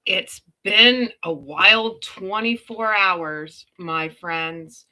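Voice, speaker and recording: A woman's voice: fairly low pitch, takes it slowly, hardly any pauses, bright, forceful tone. A middle-aged Canadian woman hosting a casual livestream, chatty and exclaiming often, greeting viewers by name. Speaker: livestream host.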